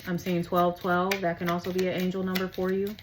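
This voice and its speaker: Slangy woman tarot reader, lowish voice, casual and profane, faint room hiss. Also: monotone, fairly quick. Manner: chatty, slangy and profane, laughs often. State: out of breath.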